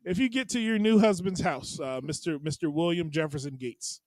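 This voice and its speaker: A man's voice: fairly high pitch, brisk, a little mellow, no room sound, low-quality recording. A man co-hosting a comedy podcast in casual banter, laughing often and restarting his words. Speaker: podcast co-host.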